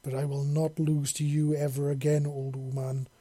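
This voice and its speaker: A man voicing a proud female alien huntress with mandibles, gravelly, sulky and snarling. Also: a little high, level tone, moderate pace, mellow. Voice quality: gravelly, growling.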